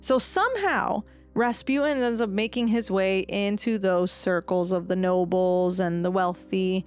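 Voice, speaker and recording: Speaking unhurriedly at medium pitch with a clean tone, a woman co-hosts a casual history podcast, laying out the research she did. Faint music sits behind her chatty, animated telling, which is full of fillers and quoted voices.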